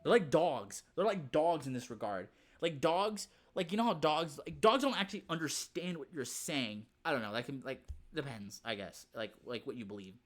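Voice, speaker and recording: A man's voice: a little high, lively intonation, normal speed, hardly any pauses, soft background music. A man hosting a reaction video, talking in a casual, rambling way, repeating himself and swearing freely.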